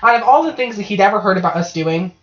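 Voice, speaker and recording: Casting: woman host, chatty swearing storyteller, average pitch, muffled call-quality audio. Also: expressive, fast. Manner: swearing, chatty, often asking 'right?'. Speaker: podcast host. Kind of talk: casual storytelling. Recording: dull lo-fi online call audio.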